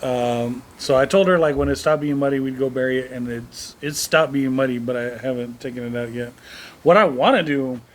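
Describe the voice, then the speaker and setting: A man's voice: mid-range voice, brisk, slight background noise. A middle-aged man co-hosting a podcast in casual chat, blunt, profane and joking. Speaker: podcast co-host.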